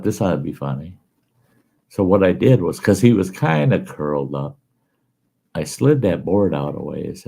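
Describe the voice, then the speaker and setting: Guy telling a funny story, gravelly and dark voice, real folksy. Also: low voice. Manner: folksy, animated yarn-spinning. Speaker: show host. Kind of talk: casual storytelling.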